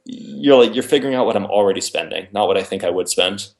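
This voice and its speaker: Lively low-voiced man acting out dialogues. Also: fast talker, gravelly. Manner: animated, acts out both sides of conversations. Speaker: author and guest. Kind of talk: casual interview.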